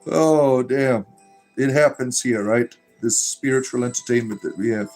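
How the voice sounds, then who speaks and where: A man's voice: mid-range voice, a little slow, a little mellow. Guy doing a livestream, joking around reading chat, laughs a lot, faint music behind. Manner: joking, irreverent, laughs often.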